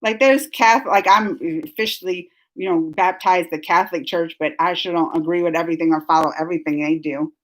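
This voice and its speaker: A woman's voice: on the low side, fairly even intonation, fairly quick, hardly any pauses. A woman hosting a casual live stream on a computer microphone, rambling and chatty as she reads comments, laughing often and restarting her sentences. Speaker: live stream host reading chat comments.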